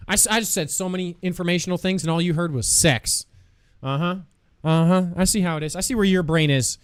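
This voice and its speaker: A man's voice: on the high side, dry recording. A man streaming live, chatting casually with viewers in a playful, joking way, laughing often and swearing freely.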